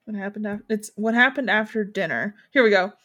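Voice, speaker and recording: A woman's voice: medium pitch, a little fast, fairly bright tone, highs cut off. A young woman hosting a book podcast, chatting casually with blunt, wry opinions and reading passages aloud. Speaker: podcast host.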